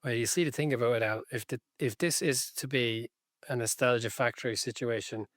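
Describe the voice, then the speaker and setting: Irish man, podcast co-host, wry, hesitant, casual chat, medium pitch, dry recording. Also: fairly quick, a bit bright, no room sound.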